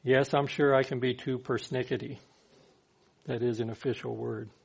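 A man's voice: medium pitch, steady tone, moderate pace, creaky, husky. A man preaching a sermon in a conversational way, sometimes acting out the people he quotes. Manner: conversational, acts out quoted speakers.

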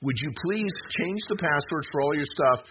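A middle-aged man with a slightly high voice speaks at normal speed while giving a rambling, emphatic slide presentation, full of self-deprecating jokes and frequent restarts. The recording is muffled with steady background noise.

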